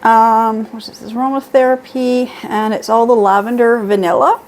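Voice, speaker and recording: A woman's voice: a little high, steady tone, normal speed, a little mellow. A middle-aged woman chatting casually at home through a beauty haul, reading prices and labels aloud. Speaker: beauty vlogger.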